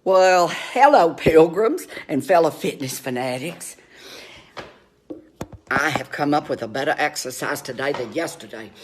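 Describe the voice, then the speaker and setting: A man playing a slow-talking drama queen. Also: fairly high pitch, animated, noisy background. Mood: campy. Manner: dramatic, gossipy storytelling with camp exclamations. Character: flamboyant middle-aged Southern man stuck in lockdown. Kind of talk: comic character monologue. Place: home, indoors.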